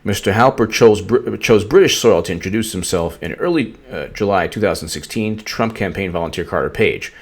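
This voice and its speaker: A man's voice: low voice, a little fast, hardly any pauses. A man hosting a political commentary vlog, rambling and sarcastic, often stumbling and restarting his sentences.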